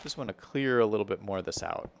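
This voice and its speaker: A man's voice: on the low side, expressive, quick pace, vocal fry, a little hiss or hum. A man streaming a building game, chatting casually with viewers and thinking aloud as he builds, with an American accent and frequent laughs.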